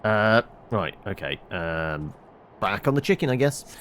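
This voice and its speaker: A man's voice: fairly low pitch, very animated, a little slow, noisy background. A man commentating over a game he plays, with wry, mumbling asides and many fillers. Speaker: let's-play host. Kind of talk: gameplay commentary.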